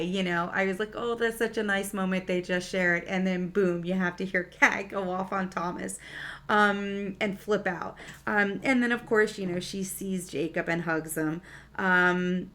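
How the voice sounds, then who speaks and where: A woman's voice: medium pitch, steady tone, measured pace, bright, forceful tone. A woman casually recapping and reviewing a TV episode in a chatty, enthusiastic way, with many fillers. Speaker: TV series reviewer.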